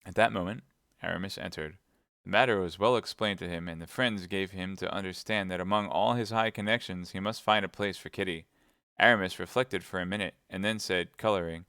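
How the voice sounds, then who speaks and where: A male narrator reading an audiobook live with a measured, subdued delivery. His voice is low and smooth. The sound is dry and close. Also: steady tone, bright, forceful tone, no room sound.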